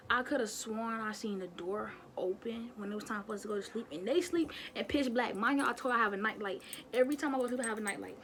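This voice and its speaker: A young woman vlogger telling a childhood story in a chatty, animated way, talking straight to her viewers. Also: on the high side, a little hiss or hum. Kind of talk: casual storytime.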